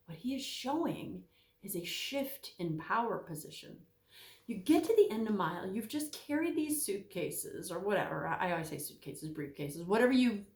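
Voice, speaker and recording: A woman teaching scripture in a chatty, animated way, her pitch swinging widely as she acts out quoted voices. The sound is roomy, with a clear echo around her voice. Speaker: Bible teacher. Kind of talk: casual Bible teaching talk.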